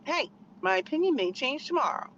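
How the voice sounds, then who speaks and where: A woman's voice: high-pitched, big pitch swings, fairly quick, fairly bright tone, muffled recording, a little hiss or hum. A woman vlogger ranting casually from her car, emphatic and rambling, full of fillers. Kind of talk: casual opinion rant. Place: in a car in traffic.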